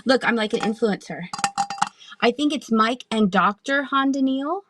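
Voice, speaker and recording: A woman hosting a casual live-stream sale, chatty and quick to laugh as she answers the chat. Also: fairly high pitch, lively intonation, background noise. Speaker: online live-auction seller.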